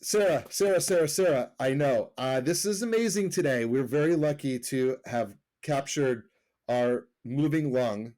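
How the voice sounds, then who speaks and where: Joining over a remote call, a middle-aged podcast co-host with a mid-range, slightly mellow voice speaks animatedly at a measured pace. He chats casually, rambling and correcting himself as he goes and laughing easily.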